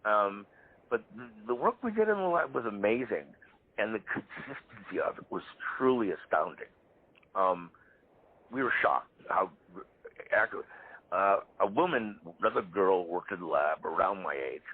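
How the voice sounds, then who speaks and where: A man in his seventies, a parapsychologist guest, telling stories in a lively way in a live interview. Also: fairly low pitch, moderate pace. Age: 70s. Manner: animated storyteller. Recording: tinny phone-line audio.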